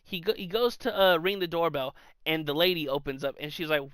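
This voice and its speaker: A man's voice: a little high, fairly quick, clear, resonant tone, no echo. A young man co-hosting a podcast, telling stories in casual chat with lots of swearing and animation. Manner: profane, animated storyteller. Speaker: podcast co-host.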